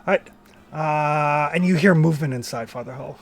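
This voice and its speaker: A man narrating a tabletop game as game master, pausing often with fillers. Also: a little high. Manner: hesitant, many fillers.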